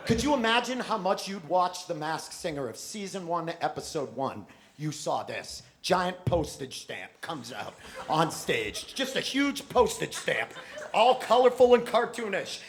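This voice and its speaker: A man doing a stand-up set in a theater, loud and mocking, swearing and acting out voices. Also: high-pitched, big pitch swings, measured pace. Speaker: stand-up comedian. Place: theater stage before a live audience. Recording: echoey live theater recording with noise.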